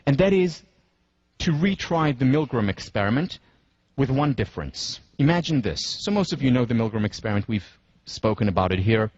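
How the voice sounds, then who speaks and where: A man gives a university lecture in a husky, slightly breathy, mid-range voice with a darkish tone, very animated yet deliberate, slowing down to drive his points home. He guides listeners through scenarios step by step, and the dry, somewhat dull audio sounds like a muffled classroom recording.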